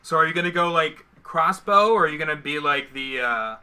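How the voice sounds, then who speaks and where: A man's voice: a little high, expressive, brisk, bright, forceful tone, clear, resonant tone. A man co-hosting a casual livestream, rambling and joking as he trails off mid-thought, on one microphone shared between two hosts. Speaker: co-host of a livestream. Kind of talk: casual chat while painting miniatures.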